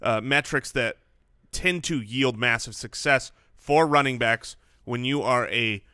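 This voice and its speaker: A man's voice: medium pitch, unhurried, bright, forceful tone, clean tone, dry recording, studio quality. A man co-hosting a casual sports podcast, giving analytical takes with a wry edge. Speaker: podcast co-host.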